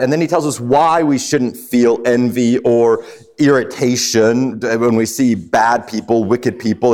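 Halting male preacher. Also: mid-range voice, darkish tone. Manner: halting, repeats words, asks listeners questions. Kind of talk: sermon on a psalm.

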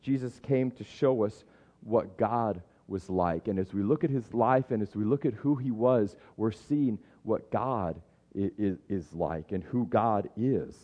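A man's voice: on the low side, a little slow, warm tone, muffled recording. Earnest male pastor in a reverberant hall. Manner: earnest, repeats words while building a point. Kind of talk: sermon.

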